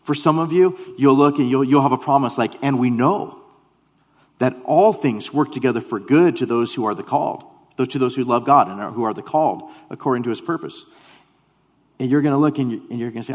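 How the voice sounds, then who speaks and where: A man preaching a sermon in an earnest way, repeating himself and dropping to a hush when he voices quoted prayers. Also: mid-range voice, fairly quick. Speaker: pastor. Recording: long hall reverb.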